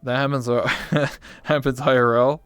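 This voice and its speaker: A young man, a guest on a talk show, telling stories in casual chat with animated, profane reactions. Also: medium pitch, unhurried. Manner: animated, swears freely, acts out his own reactions.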